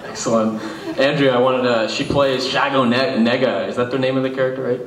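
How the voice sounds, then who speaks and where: A man's voice: mid-range voice, steady tone, brisk. A man hosting a live film Q&A, asking long, rambling questions full of restarts. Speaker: festival Q&A moderator. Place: cinema hall after a screening. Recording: roomy, distant mic in a theater.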